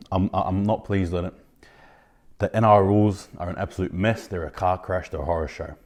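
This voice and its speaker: Ranting man, low voice, sudden outbursts. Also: fairly even intonation, fairly quick, a little mellow. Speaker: podcast host. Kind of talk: opinionated sports commentary.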